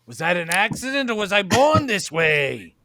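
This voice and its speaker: A man voicing a scarred, menacing male thug from a space bar, with a gravelly, drawn-out sneer, as a joke in casual chat. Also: high-pitched, big pitch swings, pushed and bright, no room sound, clean studio sound, voice pushed up, full character voice. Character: creaky slow-talking scarred male alien-bar thug. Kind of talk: comic impression in casual chat.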